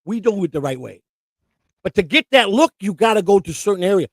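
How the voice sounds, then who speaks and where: A man with a high voice rambles through profane stories, restarting sentences as he goes. He co-hosts a casual live stream. The sound is dry and close on a desk mic. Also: lively intonation, quick pace, dry recording. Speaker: co-host and storyteller. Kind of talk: casual chat, rambling anecdotes. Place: home live-stream setup.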